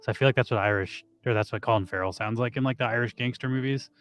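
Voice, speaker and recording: A man casually chatting and reacting to videos as co-host, laid-back and quick to laugh. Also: mid-range voice, fairly bright tone.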